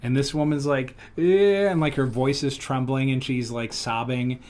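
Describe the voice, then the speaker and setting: Podcast host, male, animated storyteller, casual banter. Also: mid-range voice, normal speed. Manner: animated storyteller, lively retellings. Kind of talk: casual chat.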